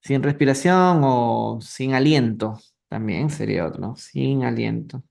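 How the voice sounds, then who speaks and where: Greeting viewers and asking his students questions, a Peruvian man teaches English in a live online reading session, patiently repeating and translating words. His medium-pitched voice is creaky and darkish, at a normal speed, picked up by a phone or computer mic.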